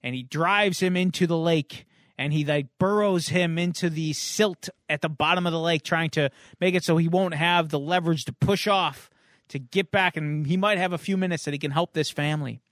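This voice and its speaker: A man with a high voice casually retells a comic book plot on a podcast. He is animated and chuckles between beats. The sound is close and dry, with no room echo. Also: moderate pace. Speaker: podcast co-host.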